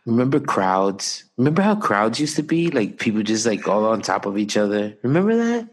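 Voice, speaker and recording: A playful man co-hosting a loose, joking podcast chat, his voice sitting a little low. He talks from a city apartment with the windows shut and keeps the banter light. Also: big pitch swings, brisk. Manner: joking, playful, breaks into sung jingles. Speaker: podcast co-host. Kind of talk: casual comedic chat. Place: apartment in a city, windows closed, sirens outside.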